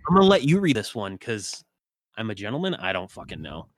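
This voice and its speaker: A woman's voice: extremely low pitch, very animated, brisk, dry recording, clean studio sound. A woman co-hosting a comedy podcast, goofy and jokey, stumbling over words as she reads. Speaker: podcast co-host.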